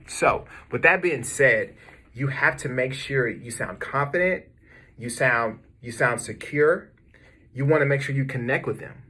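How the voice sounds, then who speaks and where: American guy pumping up his phone team, bright forceful voice, keeps hammering points home. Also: mid-range voice. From United States. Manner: emphatic, repetitive, direct pep-talk delivery. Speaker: business owner coaching cold callers. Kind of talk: motivational training talk. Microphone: camera video, speaking to viewers.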